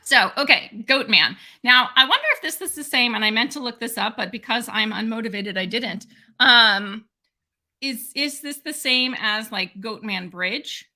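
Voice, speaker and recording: A woman's voice: a little high, moderate pace, bright, forceful tone. A woman co-hosting a podcast in casual chat, rambling and hedging as she thinks aloud. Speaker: podcast co-host.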